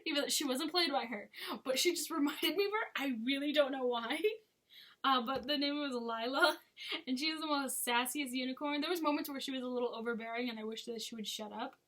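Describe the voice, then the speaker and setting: A woman's voice: high voice, a little fast, fairly bright tone. A woman chatting casually as a movie reviewer, with frequent giggles and sarcastic asides. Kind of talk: casual chat.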